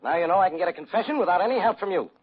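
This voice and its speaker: Hectoring inspector, fast, husky, high. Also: male voice, animated. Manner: hectoring, blustering. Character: gruff, blustering police inspector Faraday. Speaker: police inspector. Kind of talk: 1940s radio acting. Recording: dull old radio recording.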